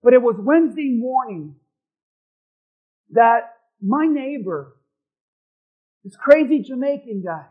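A man's voice: very high voice, animated, slow pace, long pauses, phone-quality sound. A man preaching as a pastor, telling a personal story and calling for responses from the congregation. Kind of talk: sermon.

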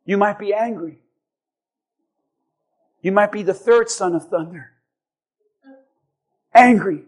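A man preaching a sermon as pastor, swinging between shouted lines and soft, hushed assurances. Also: sits high.

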